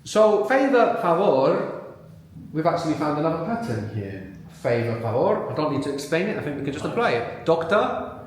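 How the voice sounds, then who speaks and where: This male teacher has a slightly high voice with big swings in pitch, and he talks fast with hardly any pauses. He runs a live language workshop in a very echoey room, patiently testing the audience and echoing their words back.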